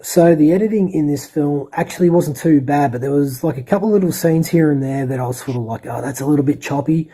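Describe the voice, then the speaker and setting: A man's voice: a little high, fairly quick, few pauses, warm tone, low-quality recording. A man rambling through a casual, profane film review as a podcast co-host. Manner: rambling, sweary, enthusiastic.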